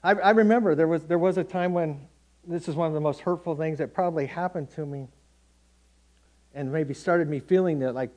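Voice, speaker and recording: Mellow-voiced man preaching conversationally. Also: a little high. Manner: conversational, anecdotal preaching with acted-out quotes. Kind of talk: sermon.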